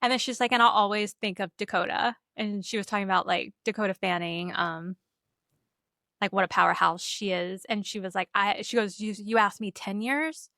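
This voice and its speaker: A woman's voice: medium pitch, fairly even intonation, fairly quick, bright, forceful tone, no echo, studio quality. A young woman co-hosting a podcast, chatting casually in a bubbly way with lots of "like" and "um". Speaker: podcast co-host. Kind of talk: casual chat.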